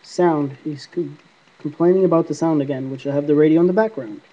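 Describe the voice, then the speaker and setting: A man's voice: a little high, fairly quick. A man rambling casually to the camera in a paranormal app vlog, answering unseen spirits as he talks. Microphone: iPod camera mic. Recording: dull lo-fi iPod recording.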